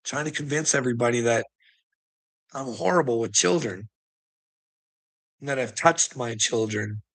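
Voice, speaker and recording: A man's voice: medium pitch, normal speed, a bit bright. A man on an angry livestream rant, swearing heavily and sounding bitter and indignant. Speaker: streamer.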